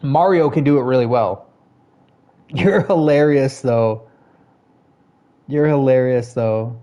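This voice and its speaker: A man talking casually on a live game stream at an everyday middle pitch. He is chatty and easygoing, greets viewers and answers their messages, and laughs often as he goes. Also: slow pace, warm tone. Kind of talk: casual live-stream chat while gaming.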